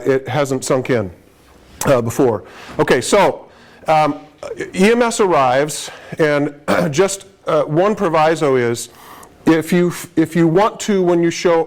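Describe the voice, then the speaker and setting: A man giving a conversational live lecture to paramedics, stressing key points with frequent restarts. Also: a little high. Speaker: emergency medicine lecturer.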